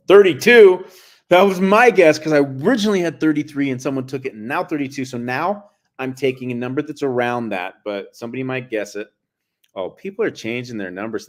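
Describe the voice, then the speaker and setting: Guy hosting a live stream, goofy and teasing, ordinary middle pitch. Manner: playful, teasing, reads chat comments aloud. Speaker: livestream host. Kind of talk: casual live-stream chat.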